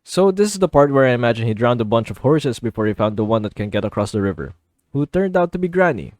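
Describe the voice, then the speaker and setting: Profane deadpan male storyteller. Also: mid-range voice, quick pace, no echo, clean studio sound. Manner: profane, deadpan asides, silly put-on voices. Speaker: comedic storyteller. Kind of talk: irreverent comedic retelling.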